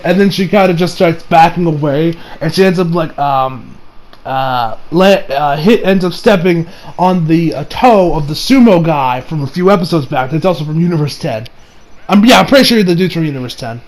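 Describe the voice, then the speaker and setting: A man giving a casual, rambling episode review, excitable and laughing, who acts out the characters' lines in quick voices. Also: a little high, low-quality recording. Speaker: anime reviewer.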